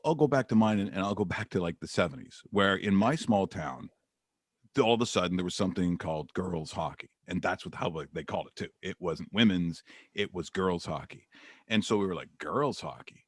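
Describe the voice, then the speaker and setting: Male sports radio host, middle-aged, lowish voice, lively rambling delivery, dry mic. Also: brisk, no room sound. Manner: rambling, animated storytelling. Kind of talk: radio interview chat.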